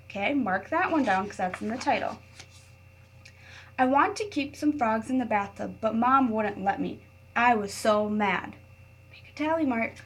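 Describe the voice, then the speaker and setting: Her voice on the high side, a woman teacher shares a picture book with her class. She reads clearly and patiently, pausing to help the children along.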